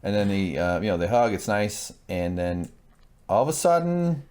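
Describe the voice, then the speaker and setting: A man's voice: on the low side, very animated, moderate pace, a little mellow, a little hiss or hum. A young adult man co-hosting a casual TV recap, swearing and acting out characters in exaggerated voices. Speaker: co-host.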